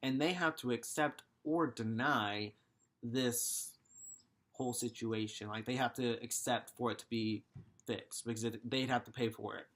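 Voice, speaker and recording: A man's voice: medium pitch, measured pace, fairly bright tone. A young man in his twenties telling a story casually, swearing and exasperated. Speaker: vlogger.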